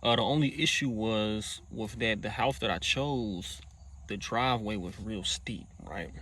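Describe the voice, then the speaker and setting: A man's voice: fairly low pitch, unhurried, fairly bright tone, slight background noise. A man casually recounting a personal story in profane slang, acting out quoted lines in a raised voice. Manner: profane slang-heavy talk.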